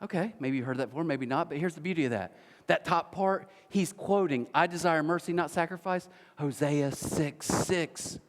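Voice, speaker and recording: Animated man preaching in a big hall. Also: fairly high pitch, moderate pace. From United States. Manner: animated storytelling, acts out quoted voices, many restarts. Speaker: pastor. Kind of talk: sermon. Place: church auditorium.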